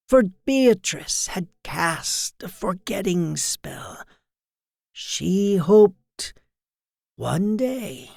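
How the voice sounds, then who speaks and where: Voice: medium pitch, vocal fry, a little mellow, no echo, clean studio sound, pitched above the performer's own voice, full character voice. A narrator voicing a kindly huntsman who explains things plainly and consolingly, in a bedtime story. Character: honest male huntsman, kindly.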